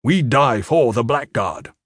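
A man voicing a weary, blunt commander of bodyguards who speaks solemnly and forcefully in an audiobook. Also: mid-range voice, expressive, a little slow, no echo, studio quality.

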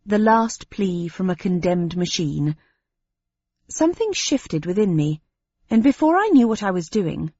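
Low-voiced woman narrating an audiobook. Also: animated, moderate pace, a little mellow, no echo. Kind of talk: scripted first-person narration. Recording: dry, slightly dull lo-fi sound.

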